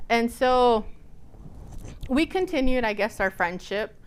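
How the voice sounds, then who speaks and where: A woman from Nebraska tells a personal story as a guest lecturer. Her voice is smooth and clear and sits a little high. She keeps it animated and acts out each exchange she recounts. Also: slow. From Nebraska, USA.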